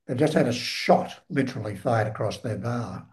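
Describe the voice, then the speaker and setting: A man hosting a conversation, prompting the storyteller with eager questions and lively reactions. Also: mid-range voice, moderate pace. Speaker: host. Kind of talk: conversational interview.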